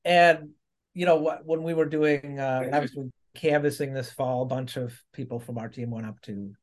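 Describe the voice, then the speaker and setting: A man's voice: mid-range voice, steady tone, normal speed. A man from Maine in casual conversation, chatty, laughing often and restarting his sentences. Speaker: podcast guest. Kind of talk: casual chat.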